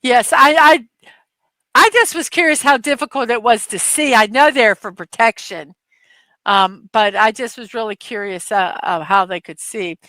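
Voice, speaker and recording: A middle-aged woman hosts a casual livestream from her desk at home, her voice sitting a little high and sounding bright and forceful. She rambles through stories with plenty of fillers and laughter. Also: moderate pace, no room sound. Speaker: livestream host.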